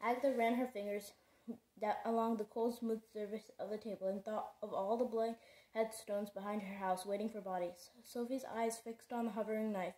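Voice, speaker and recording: A woman reading a novel aloud at a steady pace, often stumbling over words and correcting herself. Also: mid-range voice, roomy sound, low-quality recording. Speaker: reader.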